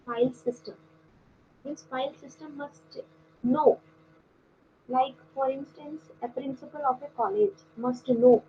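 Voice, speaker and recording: A woman lecturer giving an online class, explaining step by step with frequent pauses and fillers. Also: sits high. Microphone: video call. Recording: dull lo-fi call audio with faint noise.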